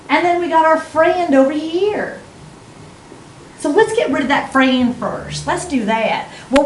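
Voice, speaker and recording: A woman's voice: sits high, roomy sound, distant mic, a little hiss or hum, rough recording. A woman voicing a chatty math teacher from Georgia with a put-on Southern accent. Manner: folksy, drawling, chatty.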